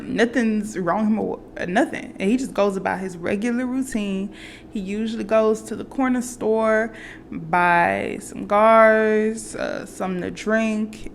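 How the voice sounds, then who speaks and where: A woman's voice: mid-range voice, a little hiss or hum. A woman vlogger casually retelling a movie plot, rambling with fillers and restarts. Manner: acts out quoted characters.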